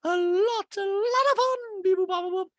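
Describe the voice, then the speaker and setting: Man playing doting mom, high squeaky baby-talk voice, sing-song, very animated, dry close sound. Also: normal speed, dry recording, dull audio. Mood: cooing. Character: gushing woman cooing baby talk at her child.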